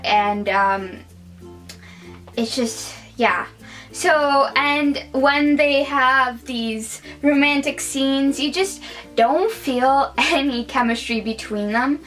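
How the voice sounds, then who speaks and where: A woman's voice: fairly high pitch, fairly bright tone, low-quality recording. A woman giving a casual vlog movie review, chatty and opinionated, with many fillers.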